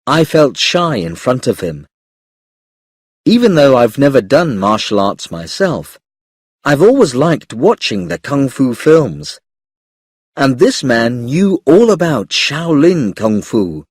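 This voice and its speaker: Slow, husky-voiced male storybook reader. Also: medium pitch, sing-song, no echo, studio quality. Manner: clear, careful storytelling. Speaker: audiobook reader. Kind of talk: slow narration of a graded English reader.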